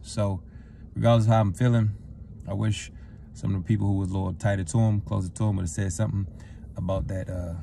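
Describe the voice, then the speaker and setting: A middle-aged man, a retired football player, telling a personal story in a loose, rambling way that gets lively as he relives it. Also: lowish voice, fast, vocal fry, a little hiss or hum. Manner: relaxed, rambling with fillers, gets animated retelling the encounter. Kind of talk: casual storytelling monologue.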